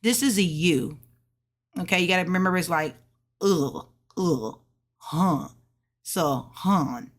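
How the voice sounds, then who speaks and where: Woman walking thru beginner chinese, slow and patient, kinda low voice, repeats stuff a lot. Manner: slow, patient, repeats words many times, small laughs. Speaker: language learner teaching beginners. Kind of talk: casual lesson explaining Chinese sentences.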